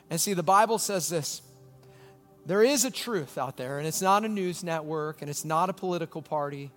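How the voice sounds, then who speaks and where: A man preaching a sermon as pastor, telling a story with lively swings from loud bursts to quiet, intense moments. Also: very high voice, long reverb tail.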